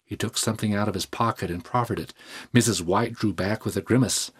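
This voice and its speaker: A man reads a story aloud in a measured, even way. His voice is low and a little husky. The telling stays calm and steady. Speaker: narrator. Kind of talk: audiobook reading.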